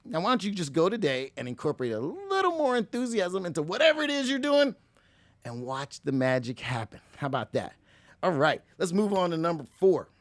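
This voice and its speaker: Upbeat, lively high-voiced man. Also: a little fast, no room sound. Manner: energetic, preachy, slips into mock voices. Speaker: motivational show host. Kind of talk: motivational talk.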